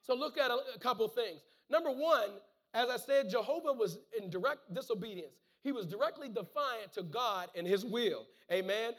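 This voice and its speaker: Fervent male preacher with a very high voice who peppers his sermon with amens and repeats words. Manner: fervent, punctuates with calls of amen and hallelujah; repeats words and restarts phrases. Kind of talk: sermon, reading and preaching scripture.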